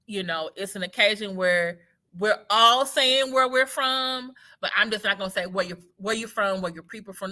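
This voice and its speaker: A woman's voice: medium pitch, moderate pace. A woman from Houston with a Texas Southern accent, a teacher talking casually and sarcastically on a livestream, wandering off on tangents. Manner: animated, sarcastic, digressive.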